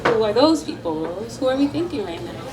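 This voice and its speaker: A woman with a high, bright-pitched voice gives a heartfelt speech to graduates as school principal. She sounds emotional and encouraging. The recording is distant, with faint noise in the background of an outdoor event. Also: big pitch swings, brisk, a crowd in the background.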